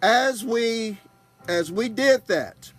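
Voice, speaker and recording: Speaking extremely slowly in a very high, expressive voice with a fairly bright tone, a pastor and broadcast host from Texas shares a personal story. He's relaxed and folksy and keeps checking in with the audience by asking "okay?"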